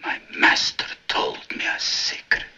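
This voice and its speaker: A man's voice: high voice, very animated, extremely slow, breathy edge, muffled recording, voice pushed up, exaggerated voice. An actor playing an emotional old male Russian servant, with a put-on Russian accent, on a film soundtrack. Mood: secretive whisper. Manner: sobbing joy, then hushed secretive whispering. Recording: film soundtrack with music behind.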